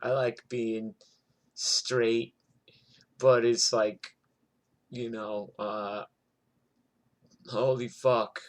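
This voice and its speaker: A man's voice: medium pitch, little pitch movement, very slow, pauses often. A middle-aged man telling a story from his past in a rambling, profane way, full of fillers and asides. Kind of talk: casual spoken storytelling.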